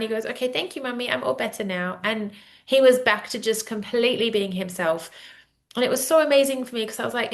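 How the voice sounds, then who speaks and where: Talking in a slightly high voice, a podcast host in her thirties chats informally with a guest via video call. She is lively and talkative, sharing stories and frequently breaking into laughter.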